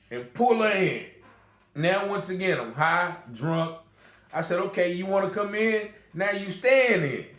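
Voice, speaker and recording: A man's voice: a little high, fairly bright tone. Emphatic man in an echoey room. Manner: emphatic, with repeated asides to the listener. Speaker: storyteller recounting a personal experience. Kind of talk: candid personal storytelling.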